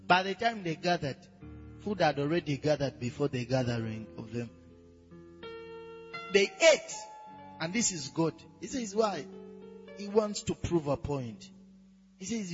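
A man preaching a sermon, measured and then rising to loud, high-pitched exclamations. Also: lively intonation. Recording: dull sound in a reverberant hall with faint music.

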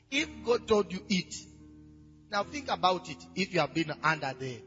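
A man preaching a sermon, measured and then rising to loud, high-pitched exclamations. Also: big pitch swings. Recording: dull sound in a reverberant hall with faint music.

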